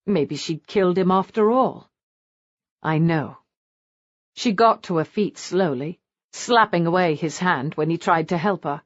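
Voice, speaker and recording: A woman narrating a romance audiobook in an expressive, animated reading. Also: lowish voice, normal speed, no echo. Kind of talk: scripted narration. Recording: slightly dull dry recording.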